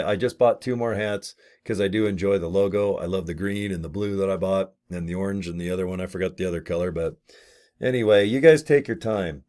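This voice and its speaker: A man's voice: on the low side, darkish tone. A man in his late fifties talking casually to camera about a business opportunity, folksy and blunt with mild swearing and rambling asides. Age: 50s. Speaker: network marketing affiliate. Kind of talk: casual to-camera sales chat.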